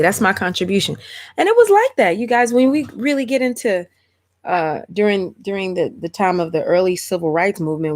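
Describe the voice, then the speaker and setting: Low-voiced woman, casual livestream host, reads viewer comments aloud. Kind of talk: casual chat on a live stream.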